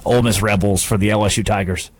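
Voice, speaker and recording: Smug showboating coach as a radio host mocks him, deep lazy drawl, dry close sound. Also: male voice, fairly even intonation, fast talker, no room sound, lightly acted. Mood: mocking. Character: smug grown man coach, mockingly showy.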